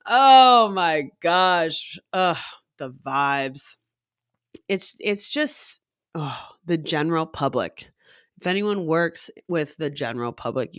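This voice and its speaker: A woman's voice: on the low side, fairly bright tone, no echo, studio quality. A young woman who works in a coffee shop, talking in a rambling casual monologue, swearing freely and laughing often.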